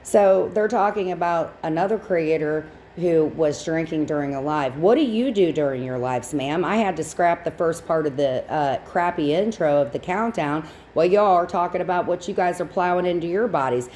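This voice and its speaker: A woman's voice: sits low, moderate pace, hardly any pauses, darkish tone, a little hiss or hum. A woman hosting a livestream, giving blunt, sarcastic, profane reaction commentary on clips. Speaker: stream host.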